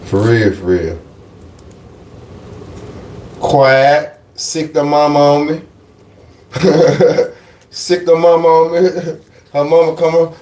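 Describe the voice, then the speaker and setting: A man telling a personal story casually on a live stream, animated and profane, repeating phrases for emphasis. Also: a little high, slow, pauses often, echoey room, far from the mic, a little hiss or hum.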